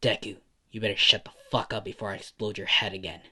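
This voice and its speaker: A man's voice: fairly low pitch, flat delivery, quick pace, bright, forceful tone. A man voicing a hot-tempered, rude young man in an amateur fan story, snarling and crude.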